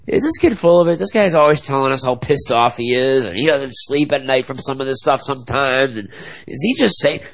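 A man's voice: mid-range voice, expressive, fairly quick, fairly bright tone, poor audio. A young man ranting angrily to his viewers in a fired-up video blog. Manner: angry, fired-up political rant. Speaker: video blogger. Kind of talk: ranting to camera.

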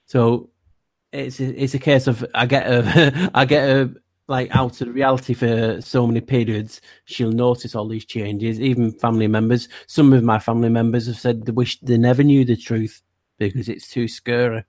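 A man's voice: mid-range voice, level tone, moderate pace, darkish tone, no echo. Rambling man with an accent, dry sound. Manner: rambling, with many fillers and restarts; speaks with a noticeable accent. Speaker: guest co-host. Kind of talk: casual podcast chat.

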